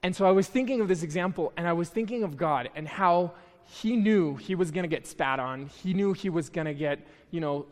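High-voiced young man preaching in a hall. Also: brisk. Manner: chatty, self-deprecating, with many restarts. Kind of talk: casual conversational sermon. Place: church hall.

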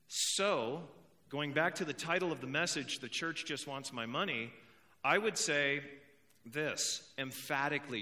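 A young man delivers a sermon in a bright, forceful voice that sits a little high. He talks in a conversational way, drives his points home by repeating them, and drops in joking asides to the people listening. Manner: emphatic, repeats key points. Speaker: pastor.

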